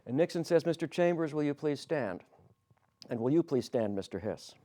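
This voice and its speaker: A man's voice: a little high, expressive, normal speed, mellow. A man narrating a history podcast, reading out quoted dialogue with small shifts of tone and the odd correction of a slip. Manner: reads quoted dialogue with light changes of tone; slips and corrects himself as he reads.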